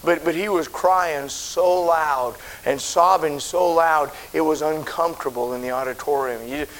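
A man's voice: a little high, measured pace, low-quality recording. A middle-aged man, a pastor, telling a story in a sermon in a folksy way in a church auditorium. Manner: folksy storytelling, swelling to shouted preaching. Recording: faint hiss.

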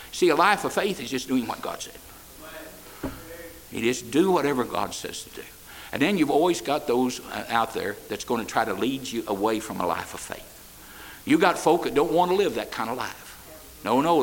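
Man, pastor, sermon, gravelly, lively swooping pitch, folksy repetitive preaching. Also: a little hiss or hum, low-quality recording. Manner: repetitive, folksy preaching with frequent "amen" and stammered restarts. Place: church.

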